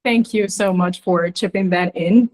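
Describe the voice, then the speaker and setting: A woman from Nigeria, giving an emphatic, animated webinar talk on pronunciation. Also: fairly low pitch, measured pace, poor audio. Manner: emphatic, animated, often acts out mispronunciations.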